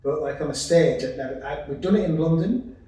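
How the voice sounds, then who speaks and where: A man's voice: fairly high pitch, brisk, dark tone. A man chatting casually as a podcast co-host, telling rambling, self-deprecating stories about performing. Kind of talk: casual chat. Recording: roomy, distant mic.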